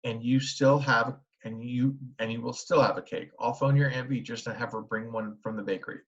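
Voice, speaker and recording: A man's voice: medium pitch, brisk, natural voice. A man doing a patient, tired mother. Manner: calm, lifted and gentle. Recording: dull lo-fi recording.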